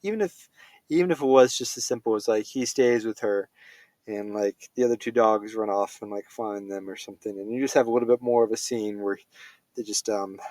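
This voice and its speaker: A man's voice: on the low side, a little fast, darkish tone, dry recording. Rambling male film reviewer. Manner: rambling, full of fillers and self-corrections. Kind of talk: casual spoken film review.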